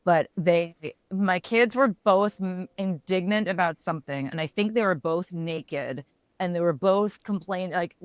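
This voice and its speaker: A woman co-hosting a podcast in casual chat, telling stories with laughter and quick self-corrections. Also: lowish voice, smooth, dry recording. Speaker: podcast co-host.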